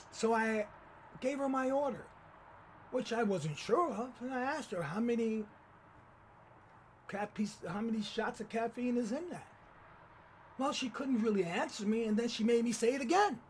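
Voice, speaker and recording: A man hosting his own channel, telling a personal story in lively commentary and acting out the people he quotes. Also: high-pitched, slight background noise. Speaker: channel host.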